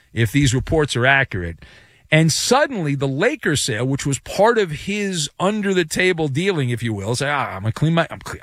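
A man's voice: a little high, fairly bright tone, no room sound, studio quality. A man giving a theatrical, jokey solo sports commentary with big vocal swings.

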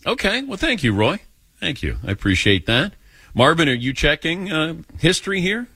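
A male sports radio host talks with callers in a swinging, lively voice. He tells stories, acting out the voices of the people in them. The studio sound is dry and close. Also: a little high, moderate pace, breathy edge, no echo. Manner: animated storyteller, acts out quoted voices. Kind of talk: casual call-in radio chat.

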